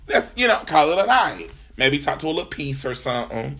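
A man with a bright, slightly high voice riffs through an exasperated comic rant. He is loud and profane, and he plays the story for laughs like a host. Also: very animated, a little fast, vocal fry, slight background noise.

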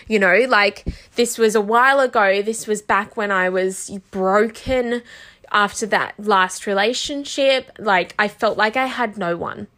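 Casting: woman, bright clear voice, candid self-help host, emotional, fighting tears. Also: mid-range voice, measured pace. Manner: emotional, heartfelt, full of "like" and "you know". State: close to tears. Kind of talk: candid personal monologue.

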